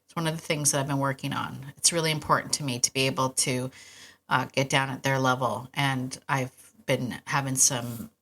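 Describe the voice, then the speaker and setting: Bright-voiced, chatty woman with a low pitch. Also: fairly even intonation, normal speed. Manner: chatty and enthusiastic, with restarts and asides. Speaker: podcast host and dog trainer. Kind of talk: casual solo podcast talk.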